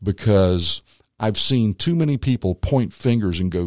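A man, a former magician and comedian turned minister, tells his faith story as an interview guest, animated and acting out the voices of others. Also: lowish voice, measured pace, no echo, clean studio sound. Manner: animated storyteller who acts out quotes. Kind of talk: personal faith testimony in conversation.

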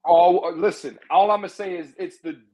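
A guest on a comedy chat show, he speaks haltingly and often restarts his sentences. His voice is husky and slightly high. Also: fairly even intonation, dark tone. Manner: halting, repeats words. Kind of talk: casual comedic banter.

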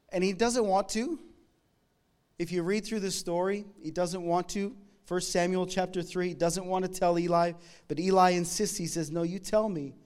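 A man from Canada delivers a sermon in a slightly high, clean and resonant voice. He tells a story in a conversational way, breaking off now and then to speak straight to his listeners. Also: a little mellow, clear, resonant tone. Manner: storytelling, conversational, with quick asides. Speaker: pastor.

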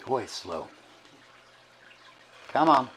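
A middle-aged man gives casual church announcements as archbishop, hoarse and short of breath, chatty and folksy with halting restarts. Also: mid-range voice, very animated, fairly bright tone, a little hiss or hum, rough recording. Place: church sanctuary.

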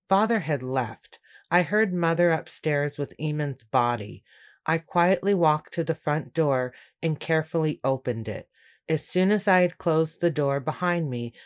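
A woman reading a first-person story aloud in a steady, measured way. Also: low-pitched. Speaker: audiobook narrator. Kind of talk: first-person scripted narration.

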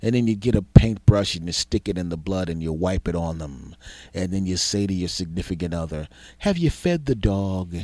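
A man's voice: deep voice, fairly quick, warm tone, no echo. A man hosting a podcast, telling a rambling, crude comedic monologue full of exaggerated tangents. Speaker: podcast host.

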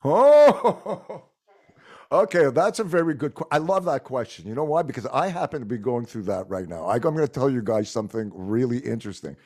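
A middle-aged man with a Montreal accent whose first language is French, talking in a casual chat, animated and swearing freely. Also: medium pitch, fairly quick. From Montreal, Quebec. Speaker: guest musician.

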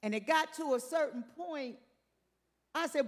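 A woman's voice: sits high, measured pace, long reverb tail. An older woman preaching a sermon, emphatic, repeating her phrases and calling out to the congregation.

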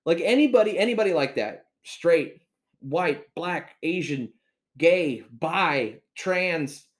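A man's voice: fairly high pitch, animated, takes it slowly. A man hosting a podcast, telling a story in a heated, profane rant. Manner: heated, swears constantly, storytelling. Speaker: podcast host. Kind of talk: profane ranting monologue.

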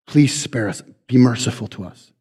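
A man voicing a humble woman pleading gently for mercy, speaking softly and quietly. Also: medium pitch, normal speed, breathy edge, voice pushed down.

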